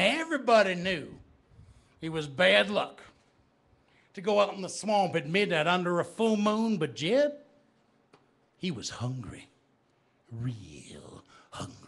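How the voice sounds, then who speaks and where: Animated man telling stories live. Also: sits high, slow, gravelly, long pauses. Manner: animated, theatrical, engages the audience. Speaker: storyteller. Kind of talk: live storytelling performance. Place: bookstore, live audience.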